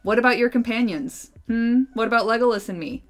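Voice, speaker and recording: A loud, ranting dwarf warrior from a storybook, torn between rage and joy and hurling his scolding in booming bursts, as a woman reading aloud puts him on. His voice rides a little higher and much louder than a plain reading voice. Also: steady tone, takes it slowly, soft background music. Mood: indignant bluster. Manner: loud, blustering outbursts. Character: gruff male dwarf warrior, furious and overjoyed.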